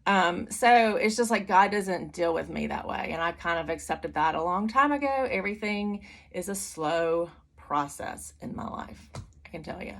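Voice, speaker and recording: A middle-aged woman with a fairly low voice gives a personal church testimony at normal speed, sounding animated. She's candid and conversational, full of fillers and restarts.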